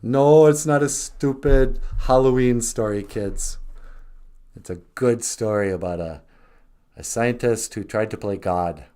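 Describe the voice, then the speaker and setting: A man's voice: medium pitch, unhurried, dark tone, clear, resonant tone. A man co-hosting a podcast, retelling a story casually and rambling, with many restarts. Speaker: podcast co-host.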